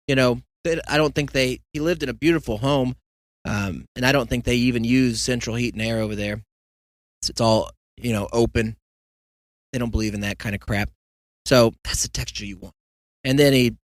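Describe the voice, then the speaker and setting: A young man talks on his own show in a loose, rambling way, joking and mimicking people as he goes. His voice sits at an ordinary pitch, and the recording is dry and close. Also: dry recording. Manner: rambling storyteller, joking asides and mock quotes. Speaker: podcast host. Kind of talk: casual solo monologue.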